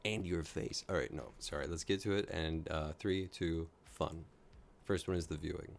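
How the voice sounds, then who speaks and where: A man's voice: sits low, steady tone, normal speed, a little hiss or hum. A man hosting a late-night reaction stream, tired and rambling, joking and laughing at himself as he chats casually. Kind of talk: casual commentary.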